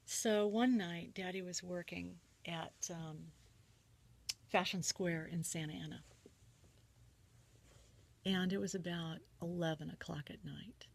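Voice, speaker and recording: A woman gently telling a personal family story, reminiscing in a soft, often breathy voice. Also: lowish voice, fairly even intonation, takes it slowly, long pauses.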